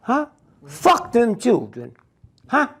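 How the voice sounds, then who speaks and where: A man's voice: very high voice, huge pitch swings, takes it slowly, fairly bright tone. An older man, telling stories bluntly and profanely in an interview, keeps asking "Huh?". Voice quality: gravelly and husky.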